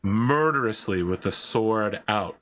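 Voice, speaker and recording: A man narrating a tabletop role-playing game as game master, unhurried and descriptive. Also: on the low side, animated, a bit bright.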